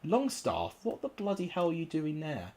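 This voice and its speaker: A man's voice: fairly high pitch, huge pitch swings, moderate pace, darkish tone. A young man commentating live on his football game, frustrated and exclamatory, cursing at his players. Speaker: gaming YouTuber.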